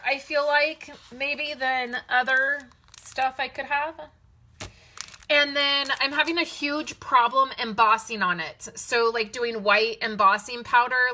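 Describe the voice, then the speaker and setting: A woman hosts a live card-making stream from home, chatting and greeting viewers by name as she goes. Her voice sits high and bright, and she talks at an unhurried pace. A faint hiss of background noise sits under the recording. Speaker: card-making livestream host. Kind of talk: casual live-stream chat.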